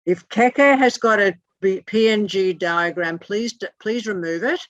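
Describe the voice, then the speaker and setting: A teacher runs an online lesson over a video call, pausing to spell out each term letter by letter. The talk is blunt and sometimes profane. The sound is lo-fi and muffled, with a close, dry, roomless quality. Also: mid-range voice, fairly bright tone, no echo.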